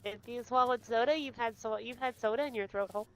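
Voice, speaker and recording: A woman's voice: on the high side, fast, low-quality recording. A woman streaming a game in casual chat, teasing and swearing a lot.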